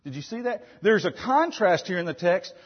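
A man's voice: sits high, normal speed, breathy edge, long reverb tail, lo-fi sound. A man preaching a sermon as a pastor, asking the congregation frequent questions. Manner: asks the congregation frequent questions, with animated emphasis.

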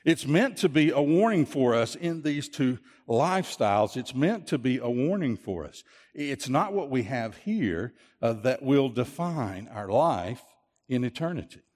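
Earnest preacher in an echoing hall. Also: male voice, medium pitch, expressive, unhurried, a little mellow. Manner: earnest, repetitive, with many restarts. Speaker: pastor. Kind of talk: sermon. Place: church.

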